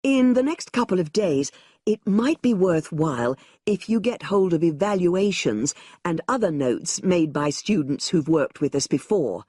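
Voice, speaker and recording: A woman reading a scripted listening-test monologue as a museum staff member briefing new volunteers, clear and explanatory as she gives directions. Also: on the low side, animated, unhurried, dark tone, no room sound, clean studio sound. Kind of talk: scripted exam listening recording.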